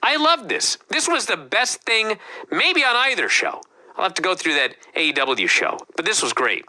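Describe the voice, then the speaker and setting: A man's voice: high-pitched, big pitch swings, moderate pace, bright, forceful tone. A man co-hosting a wrestling review show, talking in a casual, profane, ranting way. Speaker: podcast co-host.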